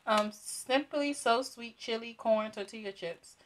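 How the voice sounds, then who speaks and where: A woman's voice: fairly high pitch, a little slow, slight background noise. A young woman reviewing free products in a casual unboxing vlog, chatty and giggly, with many fillers. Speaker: beauty vlogger.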